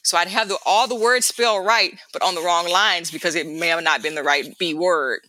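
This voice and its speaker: A middle-aged woman, an interview guest, recounts her childhood in a bright, forceful voice that sits on the low side and moves briskly, talking straight to her hosts, laughing, and acting out people's voices in a casual, chatty, animated way. The sound is dry and close, and the recording quality is low.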